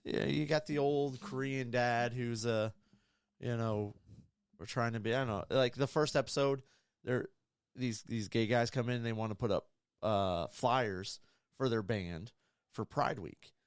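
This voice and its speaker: A relaxed man co-hosting a beer podcast, with a medium-pitched voice. He speaks in an easygoing, halting way and often stumbles and restarts. The recording is dry, with no room echo. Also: clear, resonant tone. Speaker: podcast co-host. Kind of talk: casual beer podcast chat.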